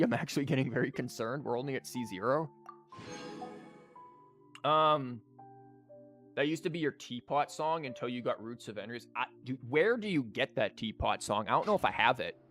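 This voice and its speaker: A man's voice: mid-range voice, fairly bright tone. A man with a sore throat, chatting casually as he comments on a card game, rambling with fillers. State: sore throat, losing his voice. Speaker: streamer and teacher. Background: game music.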